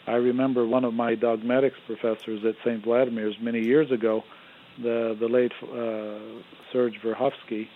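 A man speaking as a guest theologian on a call-in radio show, measured and explanatory, pausing on little fillers. His voice sits at an ordinary middle pitch. It comes through narrow and phone-like. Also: flat delivery, slight background noise.

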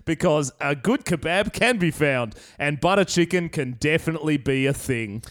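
Laughing Australian man, slightly high voice. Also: animated, moderate pace. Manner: laughs often, tells stories in gruff quoted voices. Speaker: podcast co-host. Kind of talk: casual comedic chat.

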